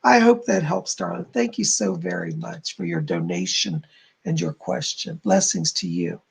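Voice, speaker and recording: A man hosting a live stream, softly relaying spirit messages and thanking donors as a psychic medium. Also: fairly high pitch, wildly swooping pitch, moderate pace, gravelly, slightly rough.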